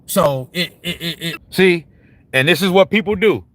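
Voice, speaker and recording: A fired-up man with a high-set voice tears into a basketball topic in a profane, slang-heavy rant. He circles back, repeats himself and restarts mid-thought as he works up his point. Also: normal speed, a bit bright, no echo. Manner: heated, profane, repetitive and slangy with many restarts. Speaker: sports commentary vlogger.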